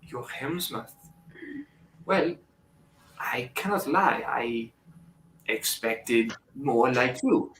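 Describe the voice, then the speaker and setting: A man's voice: medium pitch, expressive, extremely slow, pauses often, fairly bright tone, slight background noise, exaggerated voice. A man voicing a stately, balding village lord who speaks formally and a little hesitantly. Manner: formal, slightly hesitant speech. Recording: roomy, distant mic.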